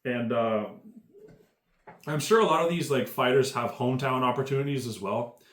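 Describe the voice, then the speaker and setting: A man's voice: mid-range voice, moderate pace, a bit bright, roomy sound. A man giving a casual, profane commentary rant, rambling and full of fillers. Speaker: MMA commentary YouTuber.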